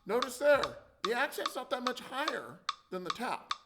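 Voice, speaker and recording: A man's voice: very high-pitched, sing-song, normal speed, loud music behind the voice. A man teaching a percussion lesson, explaining and counting out drum rhythms. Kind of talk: instructional demonstration. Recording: loud drumming and clicks behind.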